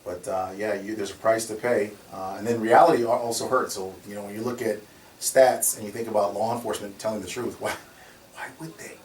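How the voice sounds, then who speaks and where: A man tells stories in conversation, animated and quick to laugh. His voice sits back from the microphone and echoes a little around the room. A faint hiss of noise runs behind him. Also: fairly low pitch. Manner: animated, laughs often while telling stories. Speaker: security company owner. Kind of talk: conversational storytelling. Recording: roomy, distant mic, faint noise.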